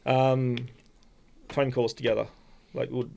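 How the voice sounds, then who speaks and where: Aussie guy, really gravelly crackly voice, rambles on, keeps restarting, podcast guest. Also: medium pitch, flat delivery, darkish tone. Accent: Australian. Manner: rambling, halting, many restarts. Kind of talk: casual storytelling.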